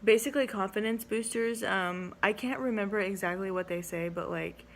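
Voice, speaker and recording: A woman's voice: mid-range voice, normal speed, a little hiss or hum. A young woman, an education student, casually telling a story in a vlog, chatty and giggly, saying "like" often. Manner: chatty, heavy use of "like", giggly.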